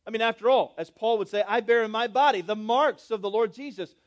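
A man with a notably high voice preaches to his congregation, surging into loud, stretched-out words and then dropping to soft, low asides. He keeps calling on his listeners with questions and asks them to say lines with him. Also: brisk. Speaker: pastor. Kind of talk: sermon.

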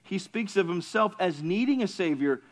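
Guy preaching to a bible class, fairly high voice, chatty, keeps quizzing the room. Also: expressive, normal speed. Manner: conversational, asks the class questions, jokes with listeners. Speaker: pastor teaching a Bible class. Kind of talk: teaching sermon.

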